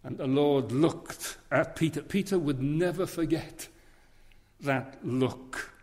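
A man's voice: a little high, slow, darkish tone. A man preaching a sermon in a church, earnest and leaning on repeated phrases. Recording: long reverb of a large hall.

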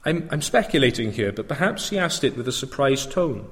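A man's voice: mid-range voice, a little fast, big-room sound. A male preacher giving an earnest sermon that rises to fervent proclamation.

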